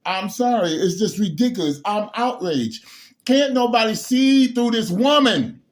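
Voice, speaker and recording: Man, high-pitched voice, heated political rant, sudden shouts, stumbling restarts. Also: animated, a little slow. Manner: heated, preachy, repeats words and restarts, sudden loud outbursts. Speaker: bishop.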